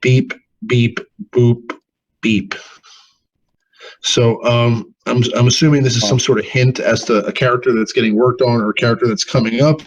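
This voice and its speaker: A man hosting a casual live gaming show, often halting and restarting his words. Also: medium pitch, steady tone, poor audio.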